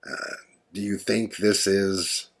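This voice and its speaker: A man with a husky, breathy edge tells a long story as a podcast host. His manner is casual and confiding, wandering through asides and fillers. His voice sits very low with a gravelly fry. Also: level tone, slow pace, fairly bright tone. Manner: rambling, conversational, with frequent fillers.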